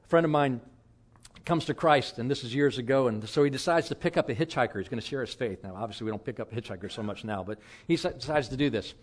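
A man's voice: medium pitch, fast talker. A middle-aged man preaching a sermon as pastor, telling stories in a candid, self-deprecating, conversational way.

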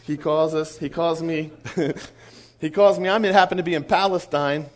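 A missionary man telling a story from the pulpit, animated and chuckling as he goes. His voice sits a bit above the usual male range. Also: on the high side, normal speed. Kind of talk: storytelling sermon.

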